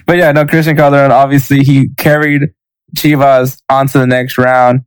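A man's voice: medium pitch, little pitch movement, moderate pace, clear, resonant tone, no echo, poor audio. A man co-hosting a casual soccer podcast, speaking hesitantly with stammers and restarts. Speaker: podcast co-host. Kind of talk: casual sports chat.

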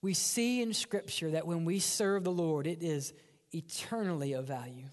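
A man's voice: on the high side, normal speed, long reverb tail. A man preaching a sermon as pastor, dramatic and often dropping to a whisper for emphasis. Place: church sanctuary.

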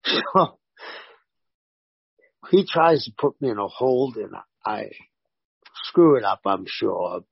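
A man, a former pro wrestler, telling animated stories in a casual interview and voicing the people in them. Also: lowish voice, slow, vocal fry, pauses often, slightly rough, no room sound, highs cut off. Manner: animated anecdotes with voiced quotes.

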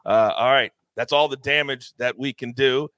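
A man hosting a sports betting show, running through picks with hype, loud bursts and catchphrases. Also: mid-range voice, fairly even intonation, normal speed, dry recording. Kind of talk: energetic sports betting talk.

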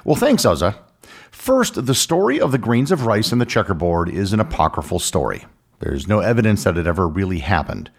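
A man hosting a podcast, reading a scripted explanation in a measured, explanatory way. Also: low-pitched, big pitch swings, husky. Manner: measured, explanatory, reads listener messages. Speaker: podcast host.

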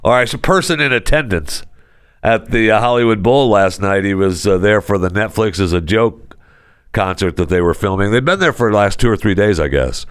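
A man's voice: on the low side, expressive, moderate pace, clear, resonant tone, dry recording, studio quality. A man hosting a podcast, telling jokes in a casual comedic monologue and chuckling at his own lines. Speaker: podcast host.

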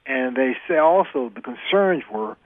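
A man's voice: medium pitch, animated, a little slow, no echo. A retired boxer, a man, telling stories as a guest in an earnest way and repeating phrases for emphasis. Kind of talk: interview storytelling. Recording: dry tinny phone line.

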